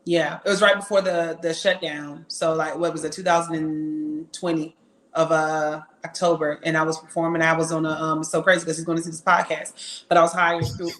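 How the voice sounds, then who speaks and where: A woman's voice: deep voice, a little fast, roomy sound. A young woman singer from Atlanta, chatting candidly and emphatically as a podcast guest. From Atlanta, Georgia. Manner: lively, emphatic and candid, with frequent laughs. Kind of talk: casual interview chat.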